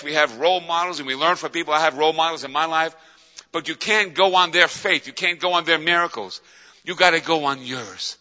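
A man preaching with a sharp, forceful, fairly high voice that rings through a large hall with a long reverb. He builds through repeated phrases, dropping to a hush and rising to loud cries. The sound is dull and muffled. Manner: impassioned, repetitive, swings from hushed to loud cries. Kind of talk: sermon.

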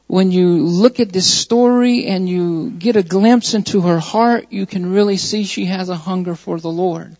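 A male preacher reads scripture and then expounds on it, pressing his points through repetition. His voice sits high and carries a gravelly edge. The recording is dull and muffled, with a long echo from a large hall. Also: darkish tone. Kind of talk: sermon with scripture reading.

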